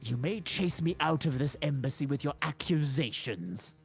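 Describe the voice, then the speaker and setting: Brief: woman voicing an arrogant old villain in a fan game dub, lordly, slow and smug, pitched low with swooping inflection. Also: animated, faint music behind. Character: arrogant older male ambassador villain.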